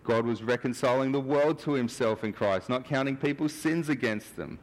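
A man's voice: medium pitch, moderate pace. A man preaching a sermon in an earnest, questioning manner. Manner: earnest, searching, asks many questions. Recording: long hall reverb.

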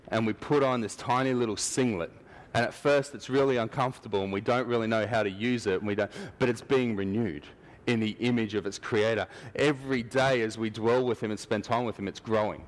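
A man preaching a sermon in church, talking conversationally and acting out little scenes. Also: on the low side.

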